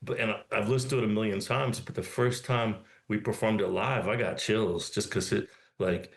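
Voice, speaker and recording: A man's voice: fairly low pitch, steady tone, normal speed, creaky, reverberant. A man, a music producer, talking earnestly in a casual interview.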